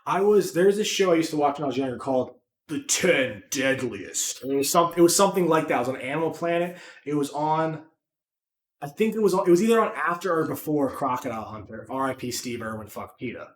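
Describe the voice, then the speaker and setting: A man co-hosting a podcast, chatting casually with animated, profane rambling jokes. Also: fairly high pitch, brisk, roomy sound. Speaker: podcast co-host. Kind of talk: casual chat.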